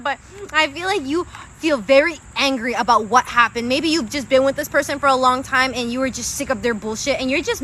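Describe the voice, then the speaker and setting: A woman's voice: high-pitched, sharp tone, a little hiss or hum. A young woman giving live-stream tarot readings, chatty and casual, swearing freely and calling her viewers guys and babe. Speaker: tarot reader.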